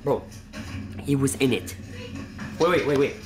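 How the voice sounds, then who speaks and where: A man hosting a horror reaction video, talking excitedly, laughing and breaking into startled yells. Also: mid-range voice, measured pace, faint music behind.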